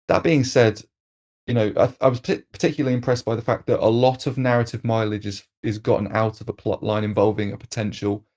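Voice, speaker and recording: A man hosting a film review podcast, reading an analytical critique in a measured way with occasional restarts. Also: on the low side, darkish tone.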